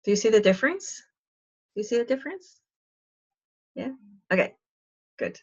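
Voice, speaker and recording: A woman giving a live spiritual talk, chatty and expressive, telling a story and sharing advice with listeners on a call. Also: a little high, normal speed, breathy edge, dull audio. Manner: chatty and expressive, acting out quoted voices. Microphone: live online call.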